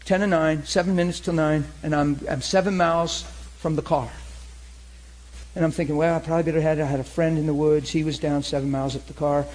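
A man in his forties, a preacher telling hunting stories in a lively, laughing sermon style. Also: fairly high pitch, brisk. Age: 40s. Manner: animated, laughing storyteller. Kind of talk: sermon storytelling.

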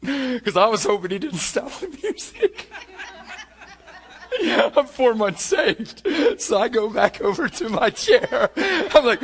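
High-voiced man preaching a testimony. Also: takes it slowly, slightly rough. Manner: animated storytelling, swings between hushed and loud; chuckles often while speaking. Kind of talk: sermon with personal testimony.

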